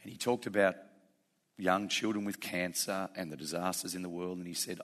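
A man's voice: deep voice, fairly even intonation, normal speed, a bit bright. A male pastor preaching a sermon, talking in a plain, conversational way that builds into fervent emphasis.

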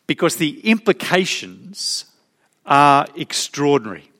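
A man preaching a sermon as pastor, emphatic, slowing down to stress key phrases. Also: on the high side, sing-song, bright, forceful tone. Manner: emphatic, varied pace with slow stressed phrases.

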